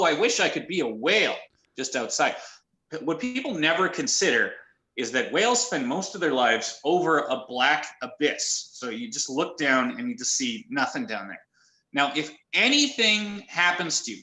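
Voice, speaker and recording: Man, journalist guest, deadpan dark humor, bright tone, roomy remote call sound. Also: medium pitch. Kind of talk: casual storytelling chat.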